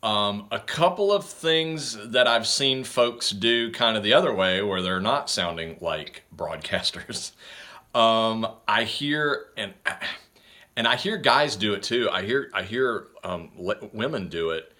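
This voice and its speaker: Male host, energetic and rambling, deep and bright, relaxed instructional talk. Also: unhurried. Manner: energetic, rambling, many fillers and restarts.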